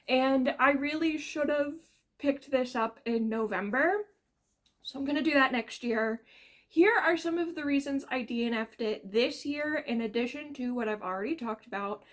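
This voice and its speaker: Woman book vlogger, high voice, chatty and rambling at home. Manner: chatty and rambling, with playful asides. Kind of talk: casual chat to camera.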